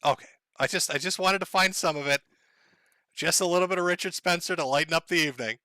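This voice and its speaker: Man, live stream host, sardonic, laughs a lot, higher voice, dry sound. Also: fast, bright, forceful tone, no room sound. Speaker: livestream host.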